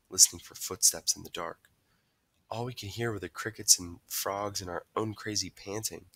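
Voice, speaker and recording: A man's voice: sits low, steady tone, normal speed, bright, forceful tone, husky, no echo. A man reading a novel aloud, telling the story expressively and voicing each character. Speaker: reader.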